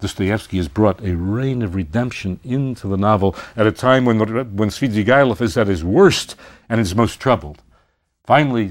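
An older man giving a university literature lecture, retelling a story with animated emphasis. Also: on the low side.

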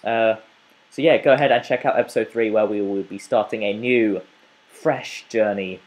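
A young man giving let's play commentary, frustrated, swinging between muttering and yelling at the game. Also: fairly low pitch, steady tone, moderate pace. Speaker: gamer.

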